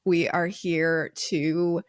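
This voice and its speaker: A woman's voice: fairly low pitch, little pitch movement, drawn-out words, no room sound, studio quality. A young American woman co-hosting a podcast, chatty and bubbly, with lots of fillers. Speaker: podcast co-host. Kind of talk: casual chat.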